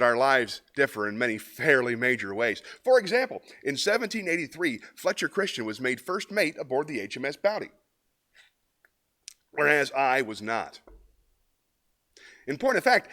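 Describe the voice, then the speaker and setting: Guy doing an earnest shoe-shop manager monologue, higher and louder, really emphatic. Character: earnest anonymous male shoe-store manager. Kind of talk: comic monologue reading.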